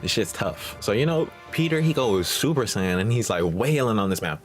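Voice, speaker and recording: A man's voice: lowish voice, brisk, hardly any pauses, faint music behind. A man hosting a movie reaction channel, recapping the plot in a casual, slangy, profane way. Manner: slangy, profane, streetwise banter.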